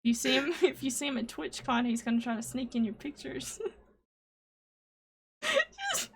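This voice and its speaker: Woman, co-host, casual chat, giggly, teasing, slightly high-pitched. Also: wildly swooping pitch, measured pace, gravelly, slightly rough. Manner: giggly, teasing, laughs often. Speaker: co-host of a streamer show.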